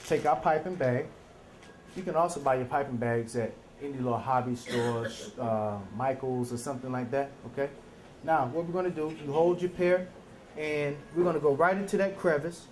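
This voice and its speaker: Man, slightly higher voice, folksy cooking teacher; roomy echo with faint ambience behind. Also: slight background noise. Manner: chatty, folksy, checks in with "okay?". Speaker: culinary teacher. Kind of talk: live cooking demonstration.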